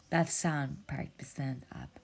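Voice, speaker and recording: A woman reading a children's story aloud, often in a soft whisper, stopping to ask the child questions. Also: low-pitched, slightly rough. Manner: slow, often whispered narration with asides to a child.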